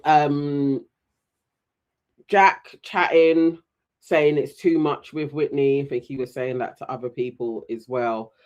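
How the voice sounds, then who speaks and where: Speaking slowly in a fairly high voice, with the highs cut off in the audio, this man co-hosts a laid-back podcast recapping reality TV. He gets animated, imitating the voices of whoever he quotes as he retells scenes.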